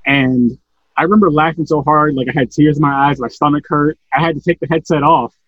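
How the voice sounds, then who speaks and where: A man's voice: a little high, steady tone, fairly quick, fairly bright tone, husky, dry recording. A man chatting casually about a movie, laid-back and swearing freely. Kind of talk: casual movie review chat. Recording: dry, dull lo-fi audio.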